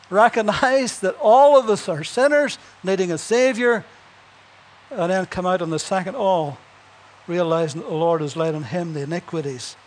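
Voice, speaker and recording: A man preaching a sermon, telling Bible stories and building to emphatic punchlines, with chuckles between points. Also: high-pitched.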